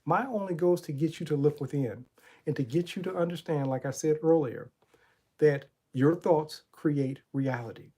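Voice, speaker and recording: The voice is a man's, fairly high, dark, and breathy, moving at a normal speed. As a middle-aged motivational coach and channel host, he preaches a spiritual talk through storytelling, retelling Bible stories and raising rhetorical questions.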